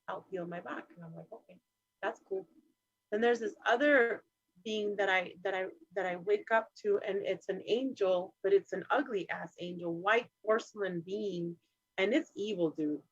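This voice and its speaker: A woman's voice: medium pitch, no echo. Laid-back woman host, dry lo-fi sound. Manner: casual, profane, laughs easily. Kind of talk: casual chat on a live stream. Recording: dry, dull lo-fi call audio.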